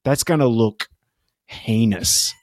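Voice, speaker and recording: A man's voice: medium pitch, animated, slow pace, darkish tone, no room sound. A man co-hosting a sports podcast, chatting casually, swearing freely and laughing as he rambles through his points. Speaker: podcast co-host.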